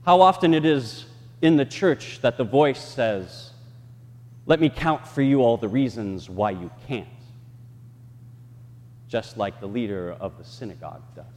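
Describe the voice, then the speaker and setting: A man's voice: mid-range voice, a little slow, long pauses, long reverb tail. A male pastor preaching a sermon, acting out the voices he quotes. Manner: expressive, acts out quoted voices. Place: church sanctuary.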